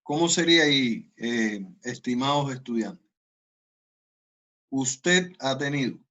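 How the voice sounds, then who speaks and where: A man's voice: medium pitch, lively intonation, a bit bright, muffled recording. Spanish-accented man teaching English. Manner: switches between languages, slow deliberate model sentences. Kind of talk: online class, explaining grammar.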